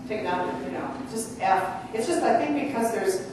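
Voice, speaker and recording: A woman's voice: medium pitch, normal speed, distant mic, background noise. A chatty woman lecturing in an echoey hall. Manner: lively, chatty, acts out whispered demonstrations. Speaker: choral conductor giving a workshop. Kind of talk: conference lecture with demonstrations. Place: large conference hall.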